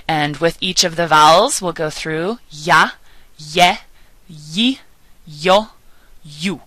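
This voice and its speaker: A woman gives a recorded pronunciation lesson at an unhurried pace. Her voice is bright and a little low, and she stretches out each example word with patient care. The sound is dry and close to the mic, with no room echo. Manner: patient, drawn-out model pronunciations with repeated words. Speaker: Spanish teacher.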